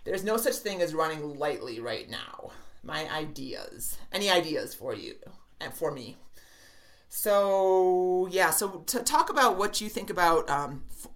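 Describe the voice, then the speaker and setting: A woman with a slightly low voice talks through running advice in a loose, chatty way. She restarts her sentences often and fills gaps with "um" and "you know." The talk is casual back-and-forth between co-hosts. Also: big pitch swings, unhurried. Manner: chatty, many fillers and restarts. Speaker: running podcast co-host.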